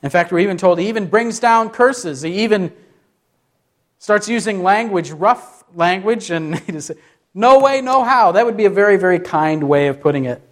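Male pastor, fairly high voice, preaches in a sermon style with questions and quick acted-out lines. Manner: asks questions and acts out short quotes.

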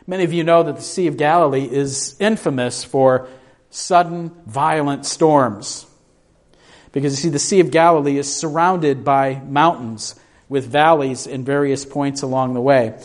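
A man preaching with a slightly higher voice than most men. He keeps asking his listeners questions and voices the people in the story himself. He moves between hushed moments and raised, urgent ones. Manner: asks the congregation questions, acts out quoted voices. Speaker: pastor. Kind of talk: sermon.

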